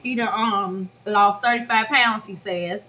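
A woman giving blunt, profane, animated commentary on a reality show in a casual vlog. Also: mid-range voice, a little slow. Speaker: YouTube commentator reviewing a reality show reunion. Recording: dull lo-fi audio.

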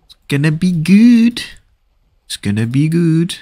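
A man streaming a game live, chatting casually with viewers, excitable and often repeating phrases as he reads chat aloud. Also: a little high, a little slow.

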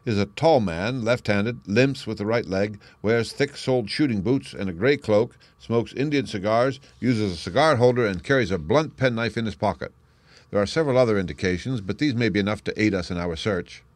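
A man voicing a confident male detective in an audiobook, crisp and brisk, pitching his voice up and speaking louder for the role. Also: no echo, close to an everyday voice. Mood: assured. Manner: brisk, crisp, declaiming deductions. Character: sharp, confident male detective, lively and assured. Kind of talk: audiobook character reading.

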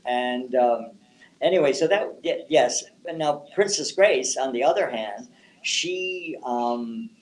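A man's voice: medium pitch, lively intonation, slow, rough recording. An older man, a psychic and palm reader, telling rambling anecdotes in an interview and often restarting his words.

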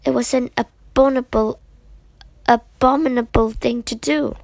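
A woman reader voicing a fiery, headstrong teenage girl in a storybook reading, speaking loud and firm. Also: fairly high pitch, fairly even intonation, moderate pace, vocal fry, no room sound. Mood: furious.

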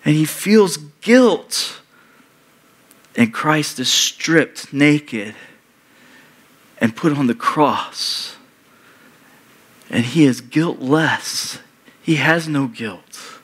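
A male pastor giving a sermon, retelling a story in slow, deliberate short phrases. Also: fairly high pitch, animated, a bit bright, slightly rough.

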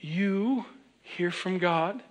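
A pastor with a high, light voice delivers a sermon in an easygoing, animated way. He speaks directly to the people in front of him and keeps checking that they follow along. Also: very slow. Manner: conversational, animated preaching with repeated direct appeals to the congregation; acts out quoted voices of others.

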